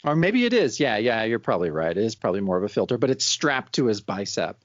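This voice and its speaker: Lively man chatting about comics. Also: lowish voice, fast, no echo, lo-fi sound. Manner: laughing, animated commentary. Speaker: comic book podcast co-host. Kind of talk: casual chat.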